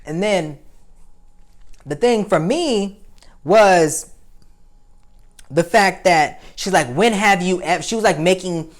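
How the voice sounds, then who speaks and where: A young adult woman hosts a casual opinion commentary. Her voice sits a little low, and she talks bluntly and heatedly, swearing freely and leaning on fillers. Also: expressive, slow pace, long pauses. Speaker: commentary show host.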